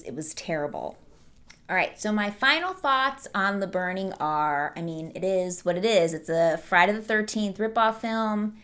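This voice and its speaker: A young woman hosting her own horror movie review, talking casually and animatedly, mocking the characters by quoting them in put-on voices. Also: medium pitch.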